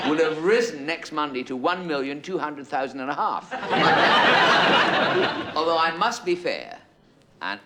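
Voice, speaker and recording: A man with an English accent telling a rambling comic monologue to a studio audience, digressing and chuckling as he goes. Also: mid-range voice. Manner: digressive, self-interrupting, chuckling. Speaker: comedian. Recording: loud background hiss, live audience laughter.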